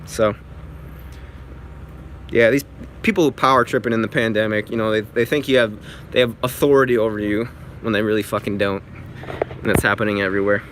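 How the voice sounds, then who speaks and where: A man's voice: fairly low pitch, steady tone, brisk, long pauses, fairly bright tone. A man telling a story in a casual vlog, chatty and exasperated, swearing freely, recorded outside near traffic. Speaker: vlogger.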